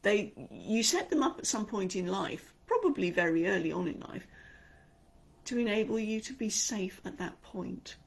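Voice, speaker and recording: A woman's voice: medium pitch, lively intonation, normal speed, gravelly, slightly rough. An Australian woman teaching an online speaking lesson, talking expressively and acting out the inner voices she describes. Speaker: speaking coach.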